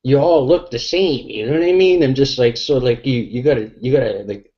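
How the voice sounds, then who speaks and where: A few beers in, a middle-aged podcast guest keeps up a brisk, crude, rambling chat full of fillers. His mid-range voice sounds dark and mellow, while the recording is dull and lo-fi, like an online call.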